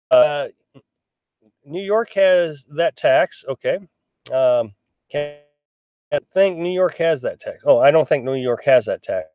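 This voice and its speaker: A fairly high-pitched, darkish-toned voice belongs to a middle-aged man running a casual live stream from a small pop-up camper, where he reads viewer comments and answers them. He's chatty and rambling, restarting a lot and filling gaps with fillers. The audio sounds dull.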